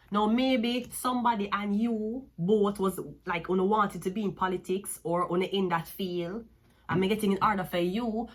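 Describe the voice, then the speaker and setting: A woman with a Jamaican accent giving a tarot reading, cursing and mocking the listener as she talks. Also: mid-range voice. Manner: profane, mocking and sassy, with frequent laughs. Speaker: tarot card reader.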